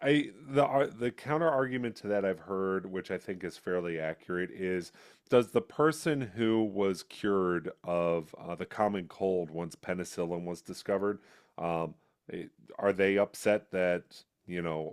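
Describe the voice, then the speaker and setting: A man's voice: low voice, measured pace, smooth. A man, a political candidate and former educator, answering interview questions and telling a long anecdote with acted-out voices. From United States. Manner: storytelling, acting out quoted voices.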